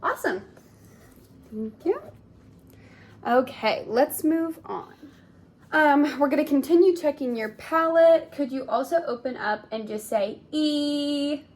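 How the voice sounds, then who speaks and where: This high-pitched young woman, a speech therapy student examiner, talks a little slowly with long pauses, lively intonation and a darkish tone. She guides a clinical exam step by step, politely and encouragingly, frequently saying "awesome," with slight background noise present.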